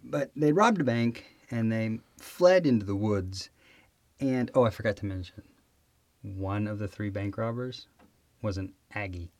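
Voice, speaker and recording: A man's voice: lowish voice, unhurried, a little mellow, no room sound. A man hosting a test prep podcast, telling a joke and giggling a lot. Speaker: podcast host. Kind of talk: casual chat and test prep.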